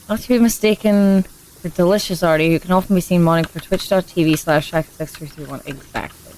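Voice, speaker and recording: A woman's voice: fairly low pitch, normal speed, darkish tone. A woman streaming a game, chatting casually with a friend and her viewers in a rambling, giggly way. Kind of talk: casual gaming stream chat.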